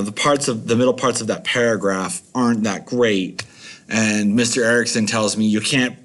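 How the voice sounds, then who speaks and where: A man's voice: lowish voice, fairly bright tone. A man teaching a recorded video lesson, chatty and rambling with many fillers.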